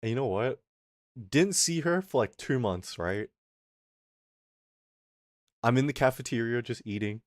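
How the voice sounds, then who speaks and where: Lively, animated male streamer. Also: medium pitch, measured pace, long pauses, dry recording, clean studio sound. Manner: animated, swears freely, reads chat aloud. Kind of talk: casual storytelling rant to chat.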